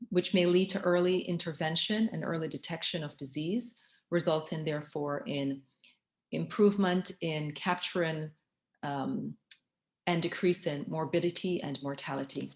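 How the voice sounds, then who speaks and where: Measured woman giving a conference talk. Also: on the low side, roomy sound. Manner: measured, with frequent ums and restarts. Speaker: conference speaker.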